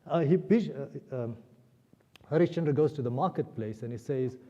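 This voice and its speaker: A man giving a spiritual discourse at a temple celebration, retelling a scripture story with animated emotion. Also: medium pitch, moderate pace. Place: temple hall. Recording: muffled sound in a reverberant hall.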